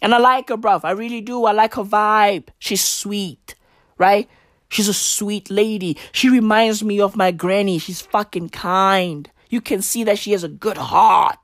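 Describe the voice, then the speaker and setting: A woman's voice: medium pitch, steady tone, a little slow, dry recording, clean studio sound. A woman ranting in a brash, profane, slang-heavy comedic style. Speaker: comedic commentator.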